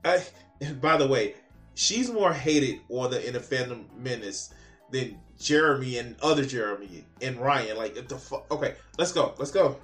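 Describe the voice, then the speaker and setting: A man's voice: mid-range voice, expressive, moderate pace, fairly bright tone, faint music behind. A man commenting on a video clip, mocking and exasperated, swearing often. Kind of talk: profane reaction commentary.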